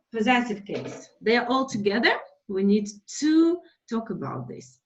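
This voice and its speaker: A woman teaches English over a webinar, her somewhat high voice rising and falling with lively emphasis. She talks slowly and repeats each example. The audio is dull and lo-fi. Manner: slow, explanatory, repeats examples, switches to Russian for translations. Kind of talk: online lesson, webinar.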